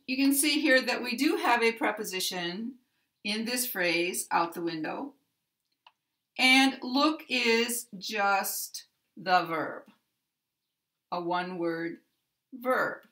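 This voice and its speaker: An American woman teaching pronunciation, speaking deliberately and repeating example sentences with clear stress. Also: mid-range voice, pushed and bright.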